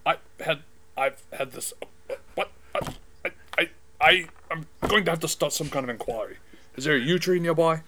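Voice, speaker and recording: A man doing quick-witted, incredulous improv comedy. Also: fairly high pitch, pushed and bright, slight background noise.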